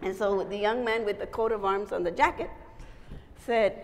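A Mexican American woman giving a conference speech, telling stories with animated energy and switching between English and Spanish. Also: medium pitch, normal speed. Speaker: keynote speaker. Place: conference hall. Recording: echoey hall, crowd noise.

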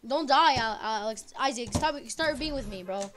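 A woman streaming a game with teammates, yelling and trash-talking loudly with lots of swearing. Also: fairly high pitch, normal speed, music in the background. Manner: loud, profane trash-talking. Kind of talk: live game-stream chatter. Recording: noisy stream audio.

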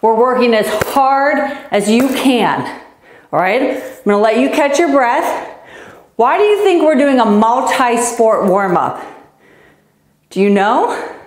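A woman's voice: fairly high pitch, lively intonation, slow, roomy sound. A woman coaching a youth tennis class in an upbeat, encouraging way, counting down and cheering the kids on as she exercises. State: out of breath. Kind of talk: energetic live-stream fitness coaching.

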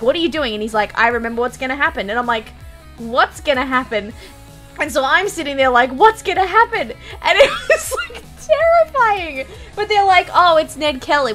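Young woman streamer, giggly and animated, swears casually, slightly high voice, soft music underneath. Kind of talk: casual reaction chat.

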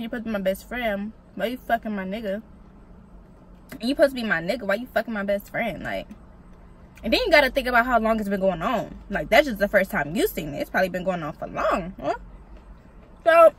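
A woman's voice: a little high, moderate pace, long pauses, slightly rough, low-quality recording. A young woman vlogging a casual mukbang, talking bluntly and profanely while she eats. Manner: blunt, profane, animated storytelling while eating. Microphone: vlog camera.

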